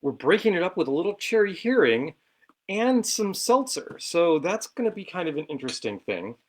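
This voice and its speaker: A man's voice: sits high, very animated, normal speed, slight background noise. A man hosting a casual cocktail show from his home bar, chatty and self-deprecating as he talks through each step while mixing.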